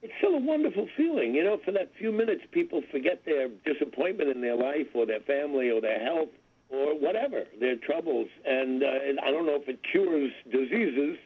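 With a slightly high, breathy-edged voice, a comedian in his seventies speaks animatedly and briskly as a guest calling into an interview. His talk rambles wryly with self-deprecating asides, and the phone line sounds tinny.

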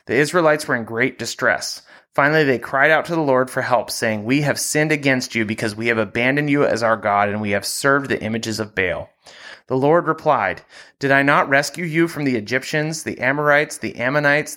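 A man reads scripture aloud at an even, measured pace. His pitch sits in an ordinary middle range for a man. The delivery is that of a podcast host working through a passage. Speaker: Bible reading podcast host.

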